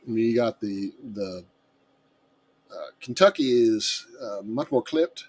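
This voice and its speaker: A man's voice: fairly low pitch, unhurried, breathy edge. A man with a muddled Southern American accent, a guest in a casual chat who rambles with many fillers. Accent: mixed Southern American. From Southern United States.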